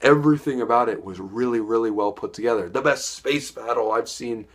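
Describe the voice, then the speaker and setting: A man's voice: mid-range voice, brisk. A young man giving a casual, enthusiastic spoken film review, rambling and repeating words as he goes. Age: young adult.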